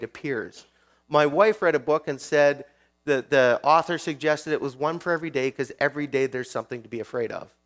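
A man's voice: fairly high pitch, normal speed. A male pastor preaching a sermon in a conversational way, often putting questions to his listeners.

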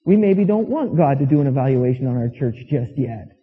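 A man's voice: mid-range voice, animated, fairly quick, slightly rough. A man preaching a sermon as pastor, telling stories and acting out quoted voices with emphasis. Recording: tinny phone-like sound with long reverb.

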